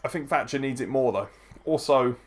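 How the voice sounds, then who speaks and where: A man's voice: medium pitch, fairly quick. A man hosting a live wrestling watchalong, tipsy, chatty and profane as he reacts and greets viewers. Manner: profane, chatty, frequent swearing. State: tipsy from drinking. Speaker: wrestling podcast host.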